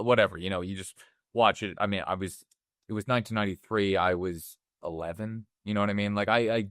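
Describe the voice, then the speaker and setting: A man's voice: on the low side, no room sound, clean studio sound. A man in his forties co-hosting a casual movie podcast, talking animatedly and acting out scenes from a film. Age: 40s. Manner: animated, acts out movie scenes in quick voices. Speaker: podcast co-host.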